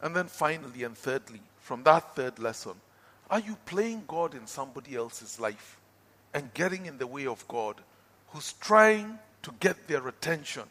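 A male preacher with a high, bright, ringing voice delivers an impassioned sermon and testimony. He swings between loud, forceful bursts and quiet, pleading lows. His voice carries a long reverb from a large hall. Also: very animated, normal speed.

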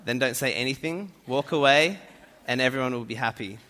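With a mid-range voice that is bright and forceful, an Australian man delivers a fairly quick, comic talk to a crowd. The large hall gives the recording a noticeable echo.

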